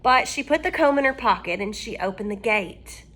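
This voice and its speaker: A woman reading a children's storybook aloud, expressive and asking her listeners questions. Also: a little high, moderate pace.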